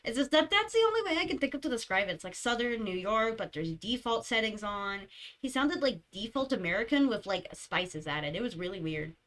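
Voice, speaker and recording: A woman's voice: a little high, big pitch swings, a little fast, fairly bright tone. A young woman streamer chatting casually, rambling through stories and giggling often. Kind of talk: casual chat.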